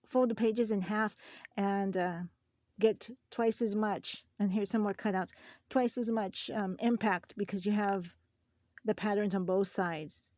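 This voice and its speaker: A woman's voice: medium pitch, dark tone, no echo, studio quality. A woman hosting a craft channel, chatting casually through a shopping haul and telling stories with many restarts. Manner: chatty, storytelling, frequent restarts.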